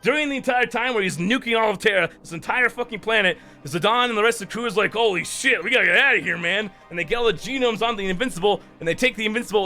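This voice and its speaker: A high-pitched man with a bright, sharp tone rambles through a story recap, full of fillers and swearing. Faint game music plays under his voice. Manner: rambling, profane, filler-heavy. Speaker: streamer.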